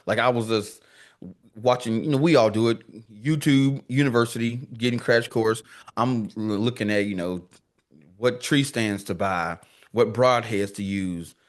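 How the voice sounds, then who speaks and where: A man with a lowish voice speaks a little slowly as a guest on a podcast. Laid-back and slangy, he tells stories animatedly and acts out the dialogue he quotes.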